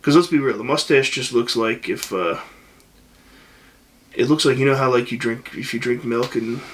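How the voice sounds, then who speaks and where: A man's voice: medium pitch, normal speed, a little hiss or hum. Joking man in podcast banter. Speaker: podcast co-host. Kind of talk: casual chat.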